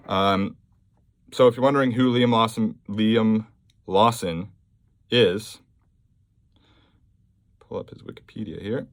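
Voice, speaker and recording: A man's voice: fairly low pitch, fairly even intonation, slow pace, pauses often, no echo. A man hosting a casual solo podcast, talking bluntly and offhandedly and reading news items aloud between fillers. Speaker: podcast host.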